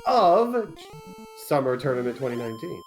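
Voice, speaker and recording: A man's voice: mid-range voice, very animated, moderate pace, soft background music. A man doing color commentary at a video game tournament, joking and laid-back.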